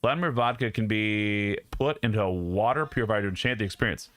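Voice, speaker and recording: A man's voice: lowish voice, quick pace, fairly bright tone. A young man hosting a livestream, chatting casually and jokingly with viewers, often laughing and rambling. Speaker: streamer host. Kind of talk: casual chat with stream viewers. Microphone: studio mic.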